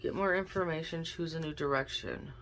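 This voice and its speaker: A woman's voice: sits low, fairly quick, noisy background. Chatty woman giving a card reading. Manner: chatty, thinks aloud while drawing cards. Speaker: intuitive card reader. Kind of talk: casual tarot and oracle card reading.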